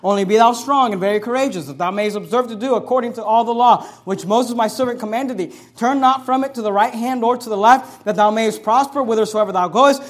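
A man, a pastor, preaching a sermon, swinging between loud, emphatic scripture reading and quiet, low asides, answering his own rhetorical questions. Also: fairly quick, few pauses.

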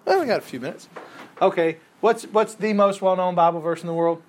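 Man, Bible class teacher; relaxed, chatty lecturing, voice sits a bit high, keeps asking the room questions. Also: brisk. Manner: conversational, quizzes the class with questions.

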